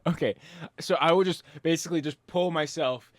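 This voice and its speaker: Man, tabletop game player, hesitant, halting, dry close sound. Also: on the high side, no echo.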